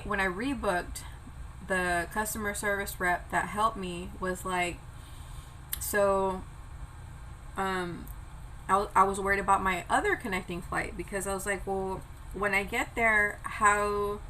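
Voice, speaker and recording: A young woman talks slowly and easily between bites of food, with a bright, clear tone. She swears casually as she chats. A faint hum sits in the background. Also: medium pitch, fairly even intonation, low-quality recording. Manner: chatty, eats while talking, swears casually. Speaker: vlogger. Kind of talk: casual mukbang chat.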